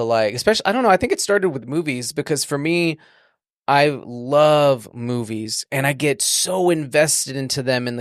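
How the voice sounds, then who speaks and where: Expressive man, smooth clear voice. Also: mid-range voice, no room sound, studio quality. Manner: emotional, expressive, swears casually. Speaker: vlog co-host, groom-to-be. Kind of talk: casual chat.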